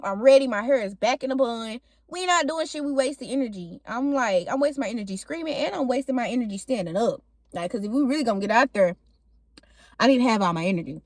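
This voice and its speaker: A woman's voice: sits high, no room sound. A young woman vlogger telling a story to camera in casual, slangy talk, swearing freely and acting out what she said.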